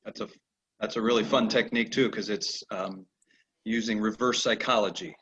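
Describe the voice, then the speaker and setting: A man teaching a horse training lesson over a video call, telling animated stories and acting out the horses' replies. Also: fairly low pitch, normal speed, background noise. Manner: animated storyteller who acts out horses' replies. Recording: dull lo-fi video call audio.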